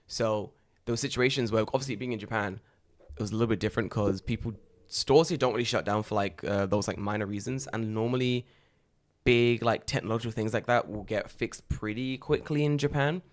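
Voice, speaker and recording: A man co-hosting a podcast, telling stories in a loose, animated way and swearing often. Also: on the low side, fairly quick. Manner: animated storyteller, swears a lot. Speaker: podcast co-host. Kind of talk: casual chat.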